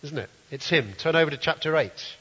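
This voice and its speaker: Male preacher, earnest sermon delivery, bright tone, slightly high, dull echoing hall recording. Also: expressive, fairly quick, slightly rough. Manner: earnest, reads scripture aloud and comments. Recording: dull, roomy hall sound.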